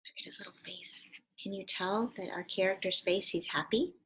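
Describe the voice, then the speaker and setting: A woman teacher reading a picture book aloud to young children in an animated way, stopping to ask them questions. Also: mid-range voice, moderate pace, husky.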